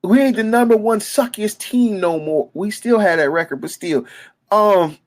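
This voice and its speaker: Emotional detroit guy, ex football coach, rambling fan talk, keeps repeating himself and tripping over words, gets loud in spurts. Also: sits high, moderate pace. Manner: emotional and repetitive, stumbling over words, with sudden loud bursts. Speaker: former youth football coach and sports fan. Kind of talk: emotional unscripted fan monologue.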